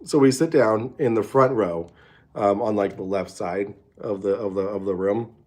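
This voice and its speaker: A man's voice: on the low side, moderate pace, a little mellow. A man hosting a casual late-night livestream from a hotel room, rambling and swearing with many restarts. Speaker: show host.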